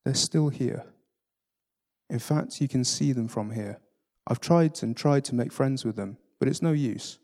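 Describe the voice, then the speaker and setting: A man reading aloud and voicing an earnest, kind young girl, pleading and raised in pitch. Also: unhurried, a little mellow, lightly acted.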